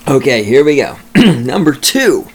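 A man's voice: mid-range voice, sing-song, measured pace. A man hosting a solo podcast, ranting with sarcasm and heavy profanity, talking at his home microphone. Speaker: podcast host.

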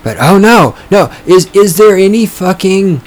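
A man hosting his own podcast, talking in a sarcastic, profane, ranting way, his voice starting to go hoarse. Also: sits high, animated, a little slow. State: voice going hoarse. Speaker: podcast host. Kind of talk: casual opinionated podcast monologue. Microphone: studio microphone.

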